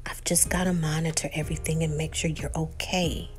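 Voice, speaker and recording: A woman voicing a gentle man who comforts his sick wife in a hushed, low voice. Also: flat delivery, a little fast, lightly acted. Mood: comforting.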